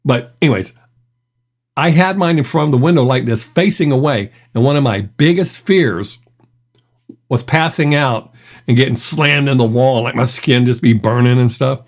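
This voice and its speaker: A man's voice: mid-range voice, normal speed. A middle-aged man hosting a reaction video, telling stories in a chatty way and laughing often. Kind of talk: casual reaction commentary.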